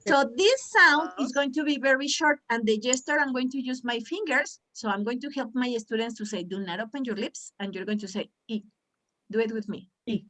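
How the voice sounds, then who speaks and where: Lively woman coaching pronunciation, slightly high voice. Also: a little fast. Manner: animated, coaxing, repeats words for the group. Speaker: pronunciation trainer for teachers. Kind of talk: lively online teaching workshop.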